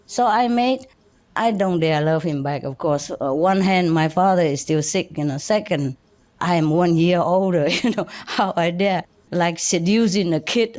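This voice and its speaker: A Vietnamese spiritual teacher with a lowish voice tells an audience personal stories. She speaks haltingly, restarting often and chuckling softly.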